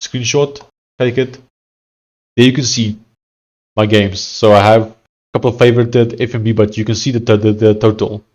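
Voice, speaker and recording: A young man live-streaming his coding work, thinking aloud and reading out chat in a loose, halting way with many fillers. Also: on the low side, fairly even intonation, a little mellow. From South Africa. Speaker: live-streaming software developer.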